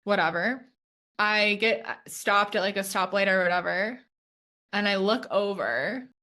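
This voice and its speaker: A woman co-hosting a podcast, telling stories in a lively, chatty way with lots of fillers. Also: medium pitch, a little slow. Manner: animated storyteller, lots of fillers. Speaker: podcast co-host. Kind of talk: casual chat.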